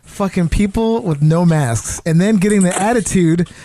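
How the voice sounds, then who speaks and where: A man hosting a comedy podcast, talking in a loose, profane, animated way. His voice sits a little high for a man. A faint hiss of noise runs under the recording. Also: normal speed. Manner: profane, animated, acts out quotes. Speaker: podcast host. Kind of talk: casual comedic chat. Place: New York.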